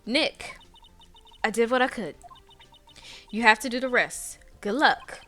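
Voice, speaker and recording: Woman reading a spirited young female sidekick from a game, earnest and bright. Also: a little high, takes it slowly, faint music behind.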